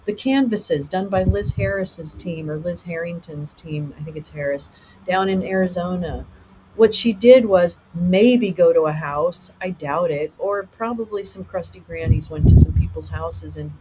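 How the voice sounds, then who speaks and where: A woman's voice: fairly low pitch, normal speed. Woman ranting on her livestream, swears a lot, blunt, faint hiss behind her. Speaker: livestream host. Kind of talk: casual livestream commentary.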